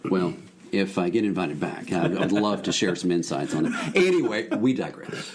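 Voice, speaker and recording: A man, a minister telling his story as a podcast guest in a lively, joking, folksy way. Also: sits low, moderate pace, background noise. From Alabama, US. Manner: animated, jokey, folksy. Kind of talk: casual storytelling conversation.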